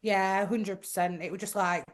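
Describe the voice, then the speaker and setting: A woman with a Geordie accent co-hosts a relaxed chat show. Her pitch is middling, and she talks chattily, agrees readily and laughs often. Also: normal speed. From Newcastle, England. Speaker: podcast co-host. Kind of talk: casual chat.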